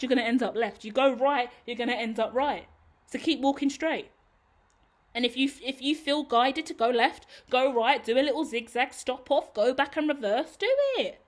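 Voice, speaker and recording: A woman reading tarot to her viewers in an emphatic, sassy, blunt pep-talk manner. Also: sits high. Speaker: tarot reader. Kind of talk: tarot reading monologue to camera.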